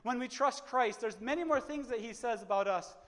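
A man delivering a church sermon in a notably high voice, with a long reverb trailing each phrase in the hall. He repeats words as he gathers his thoughts, then rises into impassioned, fervent stretches. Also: a little fast, a bit bright. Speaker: preacher.

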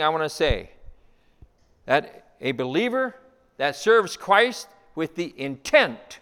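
A pastor preaches a sermon in a voice that sits high, repeating key lines and posing rhetorical questions. He swings between loud emphasis and hushed asides, with the long reverb of a large hall around him.

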